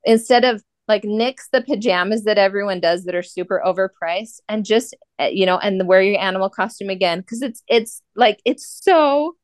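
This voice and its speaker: Animated woman guest telling stories. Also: medium pitch, moderate pace, few pauses, no room sound, clean studio sound. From Salt Lake City, Utah. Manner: animated, emphatic, playful. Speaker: podcast guest. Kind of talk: casual storytelling chat.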